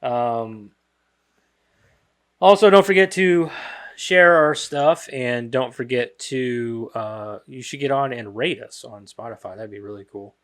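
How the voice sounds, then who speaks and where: A man hosting a casual movie podcast, rambling through the show's plugs in what he calls a monotone voice. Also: mid-range voice, a little slow. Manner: rambling, self-described monotone. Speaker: podcast host.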